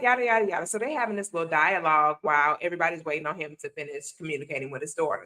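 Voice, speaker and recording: A woman with a bright, forceful tone hosts a casual talk show. She talks in a somewhat low register and tells stories animatedly, slipping into voices when she quotes people. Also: rough recording. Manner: animated storyteller, acts out quotes. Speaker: host.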